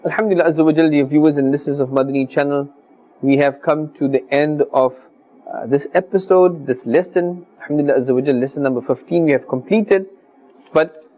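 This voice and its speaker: A man with a fairly high, mellow voice leads a televised lesson on Quran recitation. He speaks formally and earnestly, pronouncing each letter slowly and with care.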